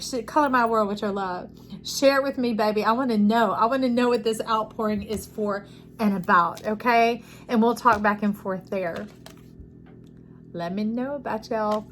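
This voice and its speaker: A woman giving an intuitive tarot reading, playful and affectionate, who swings between sing-song enthusiasm and soft, hushed tones. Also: on the high side, moderate pace, a little hiss or hum. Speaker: tarot reader.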